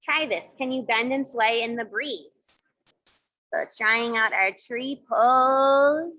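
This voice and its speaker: A woman with a bright, crisp, fairly high voice leads children through yoga and mindfulness exercises. She gives gentle, encouraging instructions and adds playful sound effects along the way. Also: slow pace, poor audio. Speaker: kids yoga teacher. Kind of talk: guided kids yoga and mindfulness.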